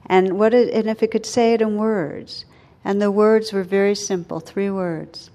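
A woman speaking as a meditation teacher in a dharma talk. Her voice sits at a middle pitch. She talks gently and reflectively, letting her words slow and soften into quiet pauses. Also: steady tone.

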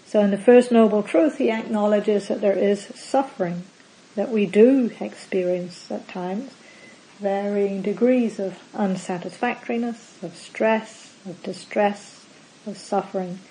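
Woman, meditation teacher, dharma talk, calm, measured, warm mellow tone, mid pitch. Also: a little hiss or hum, low-quality recording. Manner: calm, measured, lists words one by one with falling endings. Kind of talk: dharma talk to a live group.

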